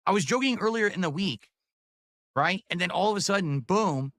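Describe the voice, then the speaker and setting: Earnest, preachy male streamer, bright and a touch high, emotional. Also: lively intonation, moderate pace, dry recording. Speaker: livestreamer reading tips. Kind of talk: emotional livestream monologue.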